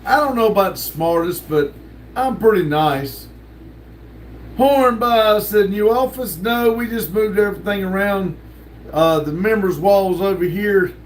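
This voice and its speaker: A man's voice: sits high, unhurried, a little hiss or hum. An older man, hosting a casual livestream and reading chat messages aloud in a laid-back drawl with lots of laughs. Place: home room with sticker wall.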